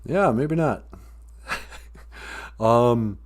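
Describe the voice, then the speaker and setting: A man's voice: lowish voice, lively intonation, a little slow. A man hosting a live stream, rambling casually, joking and laughing often. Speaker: host.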